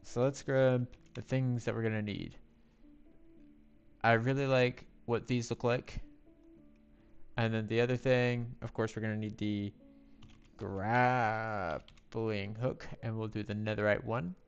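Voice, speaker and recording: A man's voice: on the low side, little pitch movement, slow, clear, resonant tone, highs cut off. A man live-streaming a building game on a headset mic, rambling to himself with playful sound effects. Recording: faint music behind.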